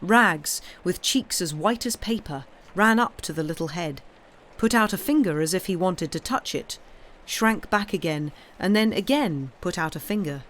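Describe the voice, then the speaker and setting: Brief: woman storyteller, expressive, steady read-aloud on stream. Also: on the low side, normal speed. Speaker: story reader. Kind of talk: reading a story aloud on a livestream.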